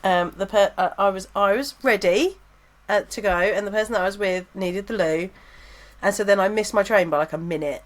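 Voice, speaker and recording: A woman co-hosting a podcast, chiming in with short supportive replies and her own quick anecdote. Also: mid-range voice. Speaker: podcast co-host. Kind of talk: casual chat.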